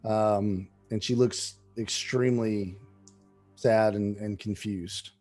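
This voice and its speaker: A man's voice: fairly low pitch, fairly even intonation, slow, a little mellow, faint music behind. A man running a tabletop game as dungeon master over an online call, narrating casually with many hesitations and fillers. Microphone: online call microphone.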